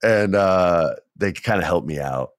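A man telling a casual anecdote as a guest, animated, acting out what people said and laughing often. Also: low voice, measured pace, dry recording, studio quality.

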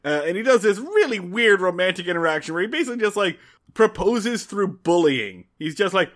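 A man co-hosts a casual recap show, walking through the plot with blunt, animated commentary. His voice sits high for a man. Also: brisk. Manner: wry, animated storyteller, blunt. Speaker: podcast co-host.

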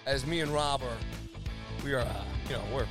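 A male podcast co-host who jokes, laughs often and breaks into loud outbursts in casual sports banter. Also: medium pitch, moderate pace, over music.

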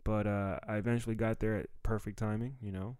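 A young male comedian from the D.C. area talks through a story in a relaxed, profane way, acting out bits of dialogue. His voice sits fairly low and comes across smooth and resonant. The sound is close and dry, with no room around it. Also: brisk, dry recording. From Washington, D.C. area. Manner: laid-back, profane, acts out quoted dialogue. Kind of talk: casual storytelling monologue.

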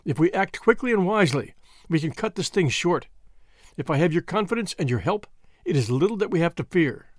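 A man's voice: on the high side, expressive, a little fast, dry recording, clean studio sound, natural voice. A man reading as McMurdo, an earnest bold young man. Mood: solemn, grave. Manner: earnest, forceful pleading and solemn speechmaking. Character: bold young man, secret-society member, earnest and commanding.

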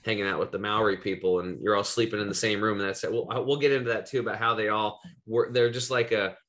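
A man's voice: fairly low pitch, steady tone, fast talker, fairly bright tone. A man from Eastern Oregon hosting a podcast, telling a personal story in loose, rambling casual chat with some swearing. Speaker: podcast host.

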